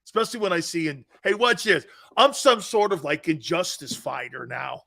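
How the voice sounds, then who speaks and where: A middle-aged man hosting a sports talk show, telling self-mocking stories in a lively, animated way. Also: a little high, normal speed, gravelly.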